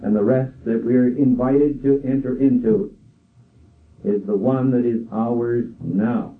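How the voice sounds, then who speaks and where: An older man preaching a sermon in a slow, measured way, quoting scripture. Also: mid-range voice, fairly even intonation. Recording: tinny phone-like sound from far off.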